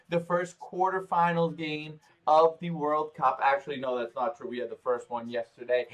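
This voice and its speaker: A man hosting a casual live watch-party stream, rambling with playful, crude banter and swearing. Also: on the high side. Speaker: livestream host.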